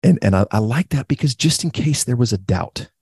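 A man co-hosting a casual Bible study discussion, enthusiastic and animated, often repeating his agreement. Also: medium pitch, fairly quick, husky, no echo, clean studio sound.

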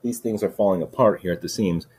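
A man's voice: sits low, quick pace, darkish tone, husky. A man talking in a casual solo monologue, rambling and restarting, with lots of "like" and "dude.". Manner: rambling, heavy use of "like" and "dude"; restarts and repeats words. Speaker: podcast host.

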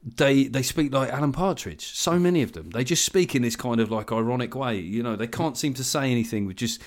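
A man's voice: mid-range voice, lively intonation, fairly quick. Guy in his 40s, co-host ranting, fed up and opinionated, swears a lot. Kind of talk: casual chat.

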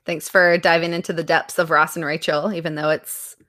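A woman hosts a casual podcast chat, upbeat and laughing often. Her voice sits fairly low. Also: level tone, a little fast, a bit bright. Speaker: podcast host.

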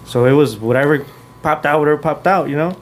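A man's voice: a little high, fast talker, a little hiss or hum. A man in his twenties telling laid-back stories in a casual chat, mixing in Spanish and swearing freely. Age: 20s. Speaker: guest musician.

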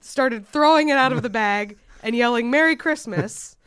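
Woman podcast co-host, a bit high, smooth clear tone, dry close sound, just over a cold, chatty. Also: moderate pace, a bit bright, no echo. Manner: chatty, lots of fillers, laughs while telling. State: recovering from a chest cold, prone to coughing. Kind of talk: casual podcast chat, telling a news story.

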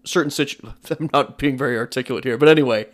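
A man co-hosting a casual sports podcast, measured in tone with dry asides. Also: medium pitch. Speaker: podcast co-host.

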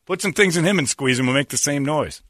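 A man's voice: a little high, animated, quick pace, a bit bright, dry recording. A man from the area, hosting a radio show and teasing his co-hosts in casual studio banter. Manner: joking, teasing storyteller.

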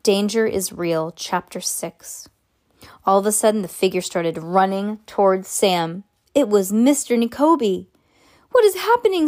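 A woman reads a children's chapter book aloud in a mid-pitched voice. She stumbles, restarts and fixes her words as she goes. She gives the sound words extra punch. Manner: halting, self-correcting read-aloud with lively sound words. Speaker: reader.

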